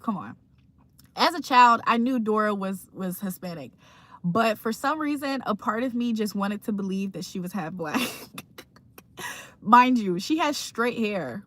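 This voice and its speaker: A woman's voice: mid-range voice, fairly bright tone. A young woman from Virginia hosting a casual morning livestream, reading chat comments aloud in a laid-back, chatty way and laughing often. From Virginia, USA. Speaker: livestream host.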